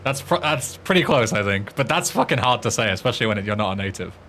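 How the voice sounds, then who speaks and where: A man's voice: on the low side, expressive, fast talker, fairly bright tone, slight background noise. Swearing British man streaming a game. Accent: British English. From Britain. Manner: swearing, laughing at his own attempts at tongue twisters. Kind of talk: casual gaming stream chat.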